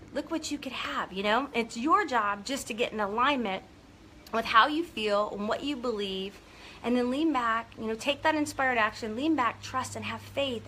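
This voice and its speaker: A high, bright woman's voice with an upbeat, gushing manner. She coaches live viewers and greets them by name as she talks. A faint hum of room ambience sits behind her. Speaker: business coach. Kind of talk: casual live video talk to viewers.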